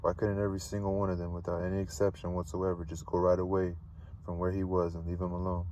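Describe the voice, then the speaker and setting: A man reading a novel aloud, steady but stumbling and repeating words now and then. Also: deep voice, fast, recorded from a distance, dull audio, a little hiss or hum. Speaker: read-aloud narrator.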